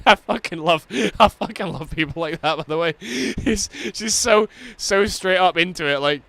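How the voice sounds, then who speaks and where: A man's voice: sits high, lively intonation, measured pace, creaky, few pauses, a bit bright. A Scottish man streaming a game, telling stories in casual chat, swearing constantly and laughing through them.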